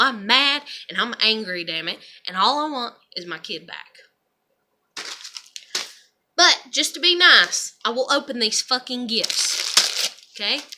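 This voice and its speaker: A woman's voice: on the high side, background noise. A woman in an angry personal vlog rant, swearing and repeating furious rhetorical questions. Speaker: vlogger.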